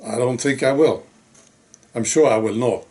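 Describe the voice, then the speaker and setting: A man's voice: mid-range voice, moderate pace, mellow. A man speaking in a casual monologue to camera. He is wry and exasperated, often tacking on rhetorical questions. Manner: rhetorical, frequently asking "right?". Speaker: video blogger.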